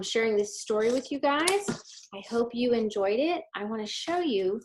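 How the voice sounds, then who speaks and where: A woman with a fairly high voice reads a children's story aloud at a church service. She breaks off now and then to talk informally with her listeners. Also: slight background noise. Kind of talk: reading a children's book aloud.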